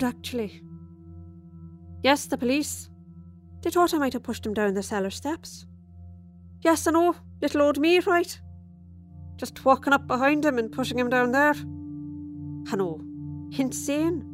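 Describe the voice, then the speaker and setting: A woman's voice: mid-range voice, lightly acted. A woman performing a dramatic monologue as a chatty, tipsy Irish widow who confides over dinner, with sudden flashes of resentment. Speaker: storyteller.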